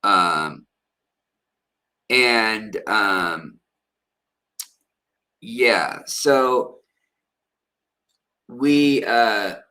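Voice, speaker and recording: A man's voice: lowish voice, very slow, long pauses, pushed and bright. A man who hosts an aquarium channel tells a personal story to his viewers in a loose, rambling way, full of fillers and restarts.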